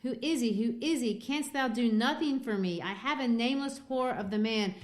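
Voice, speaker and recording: A woman reading a tormented puritan minister, pleading, high and raised. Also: moderate pace, natural voice. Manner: pleading, archaic speech. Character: anguished guilt-ridden male puritan minister.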